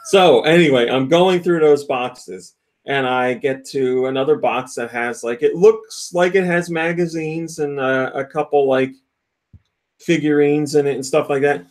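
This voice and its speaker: A man hosting a casual podcast, telling a story with many laughs and acting out quotes in high squeals. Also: a little slow. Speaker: podcast host. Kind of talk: casual chat.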